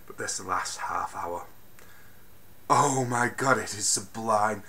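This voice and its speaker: A man giving a casual spoken film review, animated and ranting, swinging from mutters to loud bursts and swearing freely. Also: on the low side, slow. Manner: swears freely, exasperated rants.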